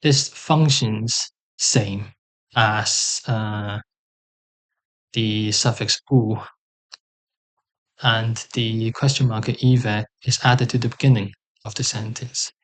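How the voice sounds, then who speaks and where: Guy teaching a language lesson, talks real slow, spells out each example word. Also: lowish voice, steady tone, fairly bright tone. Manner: slow and careful, sounding out example words with pauses and fillers.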